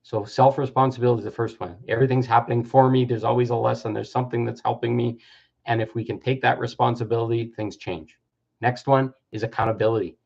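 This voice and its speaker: A man's voice: medium pitch, fairly even intonation, quick pace, vocal fry, darkish tone. A man in his fifties giving an earnest self-help talk, sometimes acting out the voices of people he quotes. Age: 50s. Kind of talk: reflective personal-growth talk. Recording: dull lo-fi recording.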